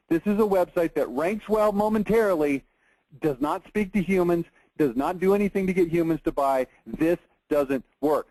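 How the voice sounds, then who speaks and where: A man's voice: on the high side, darkish tone, no room sound, poor audio. A man, giving a blunt, emphatic marketing webinar with an exasperated edge. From Texas. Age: 40s. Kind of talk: webinar presentation over screen share.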